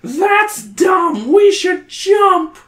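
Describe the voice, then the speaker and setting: A man's voice: very high-pitched, very animated, very slow, a bit bright, echoey room, pitched above the performer's own voice, exaggerated voice. A man voicing a young girl who shrieks and scolds, in a storybook reading. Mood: angry shrill. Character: shrill angry young girl.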